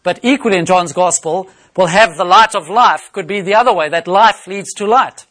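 Guy with a high voice giving a sermon, slow careful bible teaching. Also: fairly bright tone. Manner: measured Bible exposition, reading scripture aloud. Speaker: preacher.

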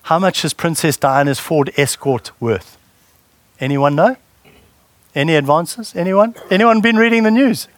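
Man preaching, fairly high voice. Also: normal speed, no room sound. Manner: conversational preaching, asks the congregation questions. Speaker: pastor. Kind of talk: sermon.

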